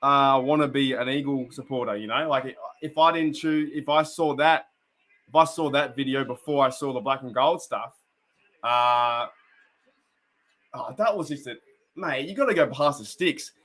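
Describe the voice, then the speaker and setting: A man's voice: medium pitch, normal speed, fairly bright tone. A young Australian man hosting a casual fan live stream, chatting rambly with viewers and commenting on a game. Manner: rambling, chatty, laughs often, greets viewers by name.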